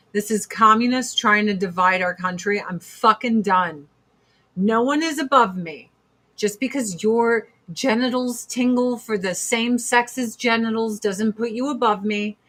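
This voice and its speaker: A woman hosting a podcast, ranting in a casual, profane, heated way with sudden loud outbursts. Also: mid-range voice. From United States. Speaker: podcast host.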